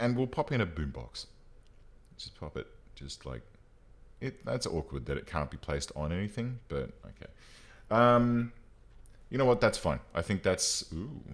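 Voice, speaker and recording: Low-voiced streamer guy chatting thru a game, voice bounces all over, gets excited and swears. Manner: thinks aloud, excitable, swears casually. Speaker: live streamer. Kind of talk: gameplay commentary.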